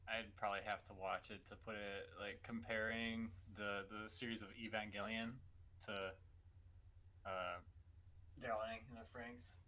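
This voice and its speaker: Lowish guy with a super bright edgy voice, joking around on stream. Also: level tone, a little slow. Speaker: livestream co-host. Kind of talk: casual livestream chat.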